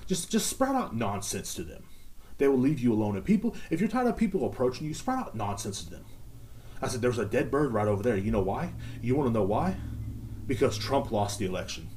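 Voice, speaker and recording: A man's voice: mid-range voice, big pitch swings, a little fast, darkish tone, a little hiss or hum. A man hosting a casual solo podcast, rambling through jokey stories with lots of fillers. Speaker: podcast host.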